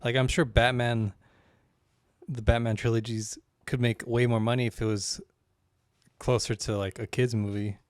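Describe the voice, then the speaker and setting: Laid-back podcast co-host. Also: male voice, mid-range voice, flat delivery, moderate pace, smooth, no room sound. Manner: laid-back, offhand, lots of fillers. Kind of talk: casual chat.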